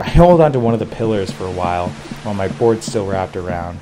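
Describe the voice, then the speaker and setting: A young man in his twenties telling a personal story, animated and slangy, full of "like" and "dude". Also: sits low, fairly quick, few pauses, background noise. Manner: animated, slangy, lots of filler "like". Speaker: vlogger. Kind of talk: casual storytelling.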